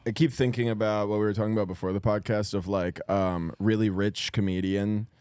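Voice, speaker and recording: A man's voice: on the low side, fairly even intonation, a little fast, darkish tone, clear, resonant tone, no room sound, clean studio sound. A man hosting a comedy podcast, laid-back and wry in casual chat. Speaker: podcast host, stand-up comic.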